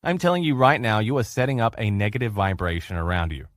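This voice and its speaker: A man giving a motivational lecture as a relationship coach, telling stories with emphatic, lively delivery. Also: fairly low pitch, quick pace, no room sound, clean studio sound. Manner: emphatic animated storyteller.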